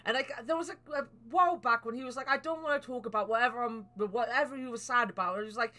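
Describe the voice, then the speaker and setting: Bright high-voiced woman. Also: fast talker. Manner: animated, swears freely. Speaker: podcast host. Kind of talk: casual chat.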